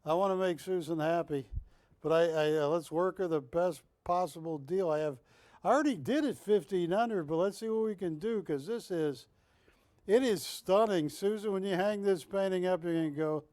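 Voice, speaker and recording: A man with a high, dry voice hosts a live television shopping show. He pitches hard and jokes constantly, teasing his co-hosts between bids. The sound is close and studio-dry. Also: normal speed, a little mellow, no echo. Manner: jokey, teasing, pushy salesman patter. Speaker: shopping channel host.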